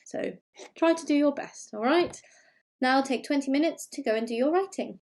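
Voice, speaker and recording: A woman with an English accent, teaching a recorded remote lesson to young pupils and clearly explaining and stressing key words. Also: high voice, normal speed, a little mellow. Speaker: primary school teacher.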